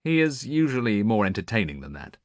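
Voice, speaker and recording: Man doing a bluff joking storyteller king, deep voice, dry recording. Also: big pitch swings, brisk, dry recording. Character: stocky middle-aged king, crafty storyteller.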